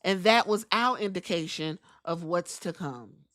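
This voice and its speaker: Bright, animated young woman recapping wrestling. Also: on the low side, measured pace, dry recording, clean studio sound. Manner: animated, profane, acts out quotes. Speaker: podcast host.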